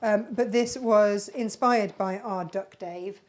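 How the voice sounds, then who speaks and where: A woman's voice: medium pitch, slow. Chatty woman hosting a craft stream. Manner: chatty, rambling, fond of her makes. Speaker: craft channel host. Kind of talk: casual live-stream product chat.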